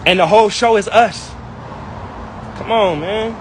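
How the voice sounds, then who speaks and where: A man's voice: sits high, a little slow, slight background noise, rough recording. A young man in a heated personal rant, angry and hurt, talking in slang and repeating himself.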